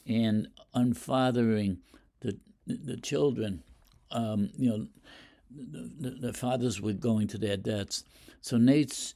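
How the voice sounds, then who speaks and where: A literature teacher with a medium-pitched, gravelly, dark voice gives a poetry lesson. He explains the stanzas and reads the verse aloud with rising emphasis, using many fillers and restarts.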